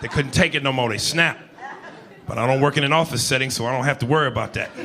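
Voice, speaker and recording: A man doing a profane stand-up comedy set on a club stage, telling loose stories and breaking into loud impressions. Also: mid-range voice, fast, noisy background. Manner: loose, profane storytelling with bursts of shouted impressions. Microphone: handheld stage mic. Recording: live club recording with crowd laughter.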